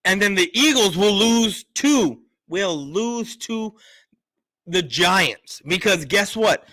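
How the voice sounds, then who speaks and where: Loud emphatic man, bright voice. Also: high-pitched, lively intonation, slow. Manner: loud, emphatic, repetitive insistence. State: been drinking a little. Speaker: sports podcast host. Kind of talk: heated sports opinion talk.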